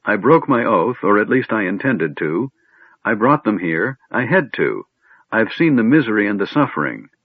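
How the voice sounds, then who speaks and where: A man's voice: fairly low pitch, sing-song, unhurried, few pauses, husky, dry recording, full character voice. A man voicing a frightened young woman, anguished and defiant, speaking in a pleading, tearful way. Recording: narrow phone-like sound.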